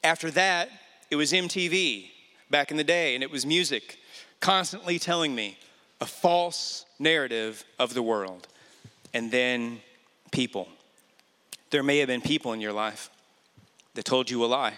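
A man's voice: medium pitch, unhurried, pauses often, pushed and bright. A man preaching a sermon, telling a family story and pressing his points with repeated questions to the listener. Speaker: pastor. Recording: echoey hall reverb.

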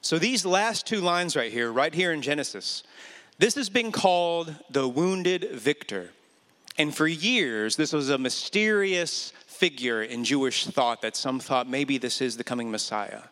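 A man's voice: fairly high pitch, animated, measured pace, pushed and bright. A man preaching a sermon, telling a family story and pressing his points with repeated questions to the listener. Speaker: pastor. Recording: echoey hall reverb.

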